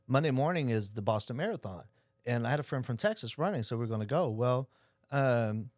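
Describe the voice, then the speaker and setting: A middle-aged man, a podcast guest who tells stories in a lively way and acts out the dialogue. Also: medium pitch, brisk, no echo, studio quality. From Oklahoma. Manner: animated storyteller acting out quoted dialogue. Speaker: insurance agency owner, guest. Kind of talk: casual storytelling interview.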